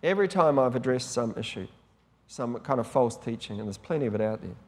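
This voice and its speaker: A man's voice: medium pitch, lively intonation, fairly quick. A man preaching a sermon as a pastor, in a conversational, rambling way with frequent restarts. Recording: long hall reverb.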